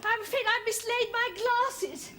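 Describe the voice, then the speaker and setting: An actress playing a scatterbrained, short-sighted secretary who stammers in a flustered, prim way, in a studio sitcom. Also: female voice, very high-pitched, fairly even intonation, measured pace, background noise.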